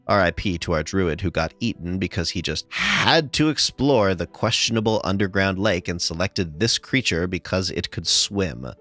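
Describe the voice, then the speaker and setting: Deep-voiced man narrating game stories. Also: a bit bright. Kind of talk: scripted narration of tabletop game anecdotes. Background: faint music.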